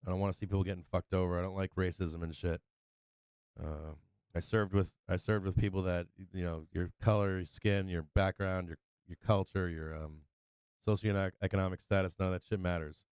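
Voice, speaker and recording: Low-pitched and clear, with a resonant, slightly mellow voice, a live stream host chats to his viewers a little fast in a steady tone. The dry, close recording has no room sound as he rambles through a casual story, swearing freely, doubling back on his words, and laughing often.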